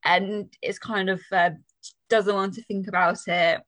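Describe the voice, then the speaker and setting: A woman's voice: mid-range voice, level tone, unhurried, a bit bright. A young woman sharing her own experience, hesitant, with many fillers and "like". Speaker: patient guest. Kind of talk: personal account.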